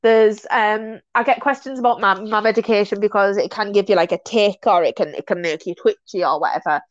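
A woman's voice: medium pitch, fairly quick, no room sound. Chatty woman, dull dry sound. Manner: chatty, animated storyteller who laughs often and restarts phrases. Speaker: guest. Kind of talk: casual conversation.

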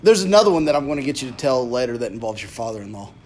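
A man's voice: medium pitch, sing-song, very fast, darkish tone. A man co-hosting a podcast in casual chat, chiming in and keeping the show moving. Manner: easygoing, chimes in and keeps time. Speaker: podcast co-host.

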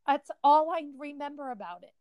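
A woman gently and thoughtfully sharing a sad family memory in casual conversation. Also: sits high, expressive, no echo, highs cut off. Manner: gentle, slow, thoughtful recollection.

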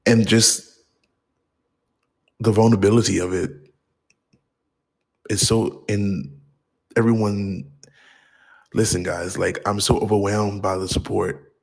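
A man hosting a podcast, talking earnestly to his listeners in a halting way, with frequent restarts. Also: on the low side, little pitch movement, vocal fry, darkish tone, husky. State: choked up. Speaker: podcast host. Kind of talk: heartfelt podcast outro.

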